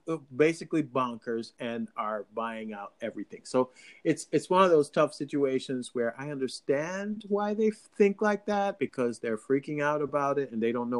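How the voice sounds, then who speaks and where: A man chatting casually as a co-host, rambling and animated with frequent restarts, from Long Island. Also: mid-range voice. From Long Island, New York. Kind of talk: casual chat.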